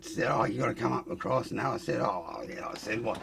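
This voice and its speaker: A man with an Australian accent telling his story as a podcast guest, blunt and profane, growing animated as he acts out fights. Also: mid-range voice, a little fast, creaky, crowd noise. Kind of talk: casual storytelling.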